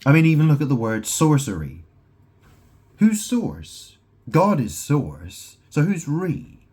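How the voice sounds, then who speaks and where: This vlogger's voice sits on the high side, very animated but slow, a bit mellow and slightly rough. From his house, he rambles on his own through wordplay, sprinkling in many "right?" asides.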